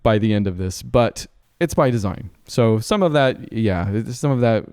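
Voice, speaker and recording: A man's voice: fairly low pitch, lively intonation, normal speed, darkish tone, smooth, no room sound, clean studio sound. A man co-hosting a casual podcast, talking through a film in a chatty, analytical way with many asides. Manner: chatty, analytical, frequent "like" and "right?". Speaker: podcast co-host.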